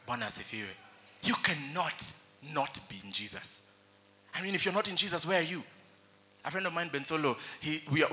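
Animated Kenyan preacher, high bright voice. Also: male voice. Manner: animated preaching, switching between English and Swahili. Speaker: pastor. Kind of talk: sermon.

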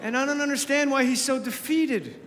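High-voiced dude doing stand-up, shouts the jokes, echoey noisy club sound. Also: male voice, fairly quick, some chatter behind. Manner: energetic, shouts punchlines, drops to a soft voice for asides. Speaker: stand-up comedian. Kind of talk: stand-up comedy set. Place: comedy club stage.

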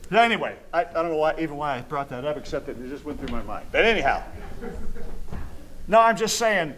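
A man's voice: a little high, animated, fast talker, fairly bright tone, slight background noise. A male pastor preaching an informal sermon in a church, talking conversationally with chuckling asides and reading scripture aloud. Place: church sanctuary.

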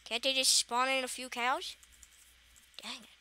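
A woman hosting her own let's play, with a voice that is bright and sharp. She talks at an unhurried, drawn-out pace, chatty and playfully exasperated as she muses aloud. Her voice also sits a little high. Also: little pitch movement, smooth. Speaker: gaming channel host. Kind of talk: casual Minecraft let's play commentary.

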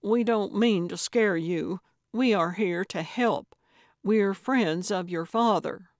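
A woman voicing an elderly, bossy woman sleuth in an audiobook, speaking loudly in slow, emphatic declarations. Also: mid-range voice, dry recording, clean studio sound. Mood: earnest. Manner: loud, emphatic, deliberate declarations. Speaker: audiobook character.

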